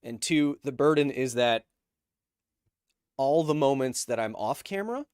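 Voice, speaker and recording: A man's voice: mid-range voice, lively intonation, measured pace, darkish tone, clean tone, dry recording, studio quality. A man hosting a live stream, reading chat messages aloud with jokes and tangents while explaining science casually.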